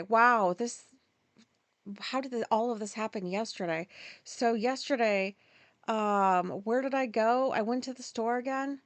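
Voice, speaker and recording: A woman's voice: a little high, no echo. A woman in her forties hosting a podcast, telling a story in a rambling way, full of fillers and restarts. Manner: rambling, filler-heavy, self-interrupting. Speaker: podcast host. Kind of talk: casual storytelling monologue.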